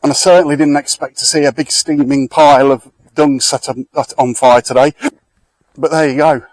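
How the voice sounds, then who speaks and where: Male vlogger, middle-aged, talkative and rambling, handheld camera outdoors, fairly high voice. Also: steady tone, moderate pace, no room sound, low-quality recording. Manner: chatty, rambling, addresses viewers directly. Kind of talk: casual walk-and-talk vlog. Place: outdoors in a back lane near a fire.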